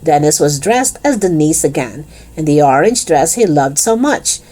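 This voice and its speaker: A woman reading a children's chapter book aloud with expressive storytelling. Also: low-pitched, normal speed.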